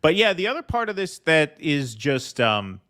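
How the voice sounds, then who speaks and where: A man with a bright, sharp-edged voice talking through his commentary in a loose, halting way, padding his thoughts with fillers. His pitch sits in the middle for a man. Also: big pitch swings. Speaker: podcast host. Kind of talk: casual political commentary.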